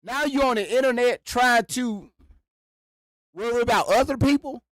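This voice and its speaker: A man hosting a livestream, ranting to his chat in an animated, repetitive way and talking straight to his viewers, speaking into a microphone. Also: very high-pitched, moderate pace, no echo. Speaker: livestream host. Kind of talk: live reaction rant to chat. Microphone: sits behind a microphone.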